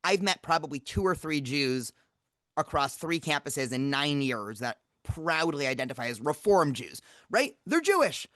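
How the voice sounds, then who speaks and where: A man's voice: on the high side, normal speed, fairly bright tone, no room sound, studio quality. A young adult man hosting a podcast interview, lecturing and often checking in with "right?" and "you know". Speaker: podcast host, campus rabbi.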